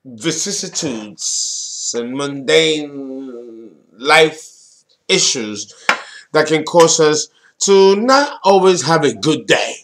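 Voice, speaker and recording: A man giving a solo astrology talk as an astrologer, deliberate and emphatic, blunt and sometimes swearing. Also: fairly high pitch, animated, a bit bright, a little hiss or hum.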